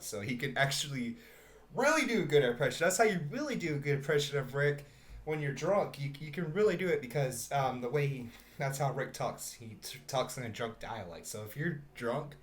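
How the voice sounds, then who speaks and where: A man's voice: mid-range voice, a little hiss or hum. A man hosting a podcast in casual, rambling chat, laughing often and swearing casually. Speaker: podcast host.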